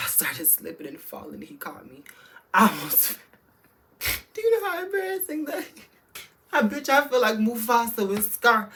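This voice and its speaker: Woman vlogger, low voice, candid and profane storytelling, chatty and direct to camera. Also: a bit bright. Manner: candid and profane, talks straight to viewers; chatty, many fillers and restarts. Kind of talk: storytime vlog.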